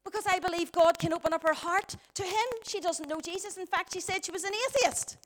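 A woman's voice: very high voice, brisk. A middle-aged woman with a Northern Irish accent preaching a sermon, emphatic and full of rhetorical questions to the congregation.

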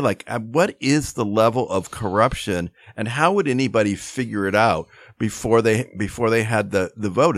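A man co-hosting a podcast, arguing political points in halting restarts. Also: on the low side, a bit bright, no echo, studio quality. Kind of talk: casual political chat.

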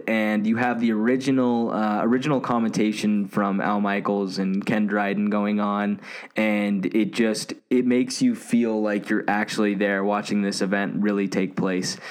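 Give me an enthusiastic man with a fairly low voice hosting a casual movie chat. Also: steady tone, moderate pace. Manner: enthusiastic, gushing, retells scenes. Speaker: podcast host.

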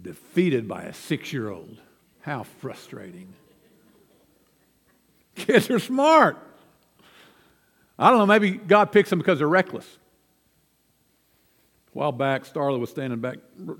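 A man's voice: mid-range voice, sing-song, unhurried, gravelly, long pauses, a bit bright, long reverb tail. An older man preaching a sermon, telling folksy, self-deprecating family stories from the pulpit in a church. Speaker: pastor. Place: church sanctuary.

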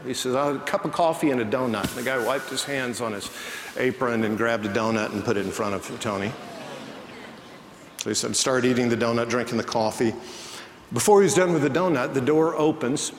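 In an echoey church hall with faint ambience, a medium-pitched male pastor tells a story during his sermon, animatedly voicing the people in it. A little hiss or hum can be heard.

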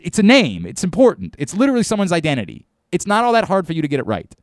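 Animated sports radio host, man. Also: high-pitched, rapid-fire, no room sound, studio quality. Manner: animated, emphatic, stumbles and repeats words. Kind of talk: casual sports talk.

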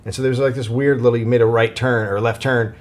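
A podcast co-host chats casually at a medium pitch and a fast clip, telling rambling stories, swearing a lot, and breaking into animated quoted outbursts.

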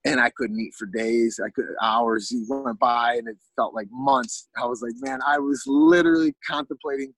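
A man's voice: mid-range voice, moderate pace, hardly any pauses, fairly bright tone, no echo, rough recording. A man casually telling a long story as a podcast guest, rambling with lots of fillers and restarts.

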